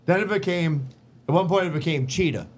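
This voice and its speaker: A man swapping stories on a podcast, loose and profane, slipping into his friends' voices as he goes. His voice sits a little high for a man. A faint hiss runs under it. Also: fairly quick. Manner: profane, animated storyteller who acts out friends' lines. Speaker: podcast host. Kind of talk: casual storytelling chat.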